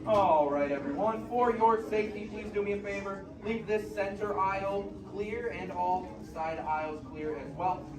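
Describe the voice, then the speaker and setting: A man's voice: high voice, fairly even intonation, normal speed, hardly any pauses, distant mic. A man working as a theme park cast member, giving a friendly safety briefing to an audience in an indoor theater. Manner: friendly instructive, addresses kids. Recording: echoey theater from afar, noisy.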